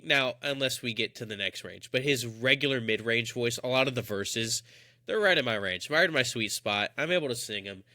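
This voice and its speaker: A young man co-hosting a podcast, talking in an enthusiastic, rambling way with plenty of emphasis. His voice is bright and forceful, and it sits close and dry with almost no room sound. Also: medium pitch, no room sound. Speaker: podcast co-host. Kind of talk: casual chat.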